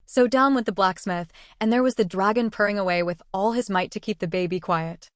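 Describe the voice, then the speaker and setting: A woman narrating a storybook in an even, measured way. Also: medium pitch, no room sound, studio quality.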